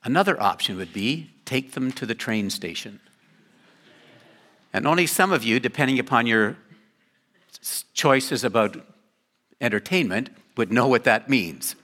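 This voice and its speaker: An older man preaches to his congregation in a loose, conversational way, tossing in joking asides. His voice is bright, and his pitch swings widely as he talks. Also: expressive, measured pace, pauses often. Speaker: pastor. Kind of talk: sermon.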